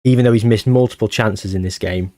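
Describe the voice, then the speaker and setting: A man commentating his football management game as he plays, anxious and short of breath, bursting into excited shouts at near misses. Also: fairly low pitch, brisk, no echo, clean studio sound. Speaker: gaming YouTuber.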